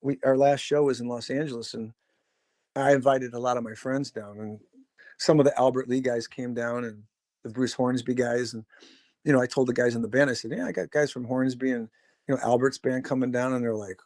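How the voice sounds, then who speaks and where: A man's voice: mid-range voice, fairly even intonation, a little fast, darkish tone, dry recording. Chicago man, musician guest, loose storyteller with plenty of profanity, dry close mic. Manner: rambling, swears freely, acts out quoted voices. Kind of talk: casual storytelling interview.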